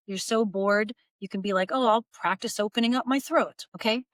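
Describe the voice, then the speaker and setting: A woman voice coach, seated in her small studio, calmly guiding listeners through breathing and projection exercises. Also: medium pitch, dry recording. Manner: calm, guiding, breaks into vocal demonstrations. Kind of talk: instructional voice lesson. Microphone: seated at camera.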